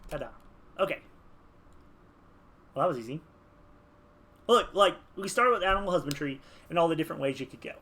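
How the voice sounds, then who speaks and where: A man's voice: fairly high pitch, a little fast, long pauses. A man chatting casually while building a game character, rambling with lots of fillers. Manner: rambling, filler-heavy, animated. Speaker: gaming video creator.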